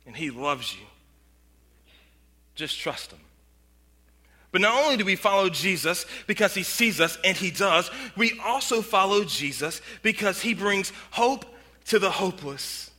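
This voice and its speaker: Bright-voiced male pastor preaching. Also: high-pitched. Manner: earnest, slows and softens for emphasis. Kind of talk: sermon. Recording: long hall reverb.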